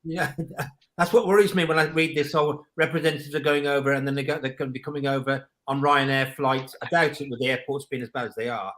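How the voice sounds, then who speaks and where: A man speaking as a panelist on a casual football podcast, excitable and rambling, often cutting in. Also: mid-range voice, quick pace.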